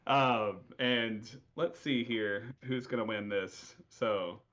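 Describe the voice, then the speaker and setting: A man's voice: fairly low pitch, takes it slowly, a bit bright. A man narrating as game master in a tabletop game, with loose, filler-heavy description. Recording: dull lo-fi recording.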